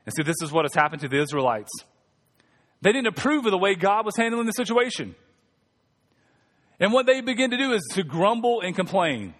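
Preaching with humor and a conversational style, this male pastor invites his congregation to respond as he speaks in a church sanctuary. His voice sits high and sing-song with a fairly bright tone, moving a little fast but broken by long pauses, and it echoes through a large hall.

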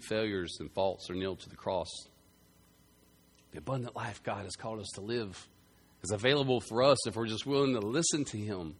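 A man preaching a sermon, telling a story with loud bursts that drop to quiet, earnest passages. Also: on the low side, slightly rough. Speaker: pastor.

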